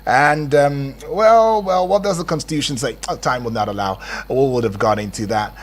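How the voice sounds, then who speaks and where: A man with a Nigerian accent hosting a radio show, animated and exclaiming, often repeating himself. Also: medium pitch, moderate pace. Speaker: radio host. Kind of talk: casual radio chat.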